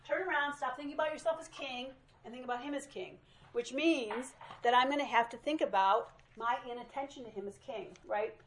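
Woman, higher voice, chatty self-deprecating storyteller, small group class, faint room hum behind. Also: a little fast, rough recording. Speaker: Bible study teacher. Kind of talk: casual teaching talk.

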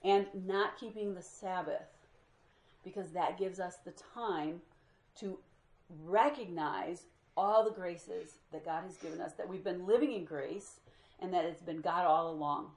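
A woman with a lowish voice talks at a measured pace in a reverberant space. She leads a group Bible study with spirited storytelling, performing the quoted speech of the people in her stories.

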